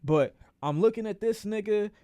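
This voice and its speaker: A man streams a casual storytime, talking animatedly and profanely while acting out the voices of the people in his story. His voice sits high at a moderate pace, with no room sound.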